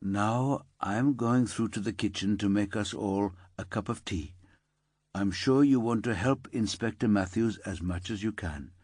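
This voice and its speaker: A man voicing a calm, reassuring female police officer in an audiobook. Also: lowish voice, unhurried, breathy edge, dry recording, clean studio sound.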